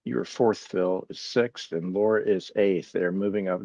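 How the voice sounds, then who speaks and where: A man's voice: low-pitched, fairly even intonation, a little slow, creaky, mellow, no room sound, highs cut off. A man hosting a casual live stream, musing aloud, reading chat replies and poking fun at his own confusion. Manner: bemused, self-mocking. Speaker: livestream host.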